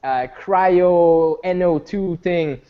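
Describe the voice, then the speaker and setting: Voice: medium pitch, drawn-out words, clean tone. A game master narrating a tabletop game, rambling and restarting often. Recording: dull lo-fi recording.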